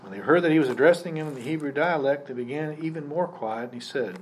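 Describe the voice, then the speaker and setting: A man's voice: on the high side, fast. A male pastor giving a live sermon, teaching conversationally and putting questions to the congregation. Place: church service. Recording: faint background noise from a live service.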